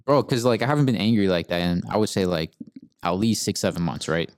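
Young man, low voice, casual profane rant, dry close sound. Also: expressive, fast, dry recording. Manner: profane, laid-back, says "bro" often. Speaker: podcast co-host.

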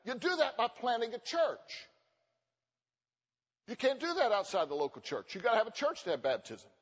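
Guy preaching a sermon, high lively voice, long echo, kinda muffled recording. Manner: animated, acts out quoted voices, joking asides. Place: church sanctuary. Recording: dull recording with long hall reverb.

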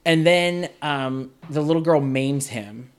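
A man's voice: on the high side, slow pace, clean tone. A man hosting a podcast, casually reviewing a film in a sarcastic, exasperated way. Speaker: podcast host.

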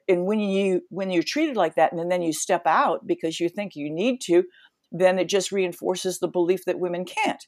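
A woman's voice: low-pitched, a little mellow, no echo, studio quality. A woman in her seventies, an interview guest, telling a story vividly, acting out scenes with sound effects and many restarts. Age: 70s.

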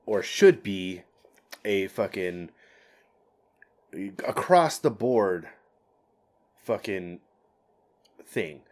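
A man's voice: low-pitched, expressive, very slow, pauses often. Profane, rambling veteran man. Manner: profane, rambling war stories; gets fired up. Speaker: military veteran guest. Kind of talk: casual podcast chat.

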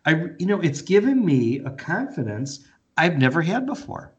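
A man's voice: on the high side, big pitch swings, normal speed, husky, muffled recording. Candid, reflective man in casual chat. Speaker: podcast co-host.

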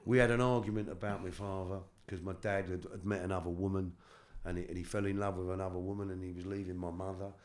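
A middle-aged London man with a very deep voice, telling his life story as an interview guest. He speaks haltingly and often stops to repeat his words. His talk is loose and full of street slang. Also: flat delivery. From London, England.

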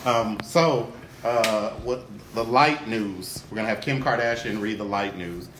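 A man's voice: on the low side, a little slow, reverberant, noisy background. A man hosting a casual chat, loose and laughing, rambling with lots of fillers. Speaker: podcast host.

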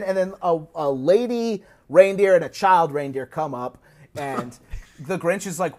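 A man with a high, bouncy voice recounts a story as a podcast guest. He talks casually and animatedly, and keeps popping into short put-on character voices as he goes. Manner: animated, recounts plots with quick put-on quotes.

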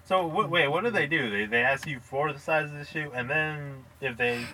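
A man's voice: fairly high pitch, normal speed, pushed and bright, recorded from a distance. Young man heard from off the mic. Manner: short reactions and questions. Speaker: podcast co-host. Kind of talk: casual chat.

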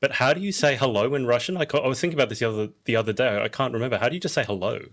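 A man's voice: mid-range voice, rapid-fire, a bit bright. A man with a mid-range voice hosting a podcast interview. He asks curious, friendly questions in an easy, casual way. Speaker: podcast host.

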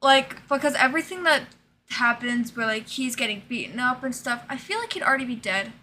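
Bright-voiced young woman, animated. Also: high-pitched, a little fast, slight background noise. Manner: animated retelling, acting out scenes. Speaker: podcast co-host. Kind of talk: casual chat.

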